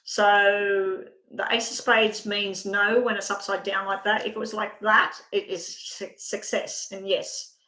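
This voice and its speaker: A roughly recorded, reverberant clip features a woman giving a live tarot reading, rambling along chattily and interrupting herself. She speaks a little slowly in a level, medium-pitched voice with a sharp tone.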